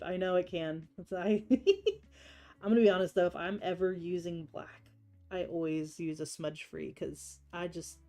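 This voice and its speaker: A woman's voice: fairly low pitch, measured pace, warm tone. A woman chatting casually on a live stream while doing nail art, laughing often and teasing herself.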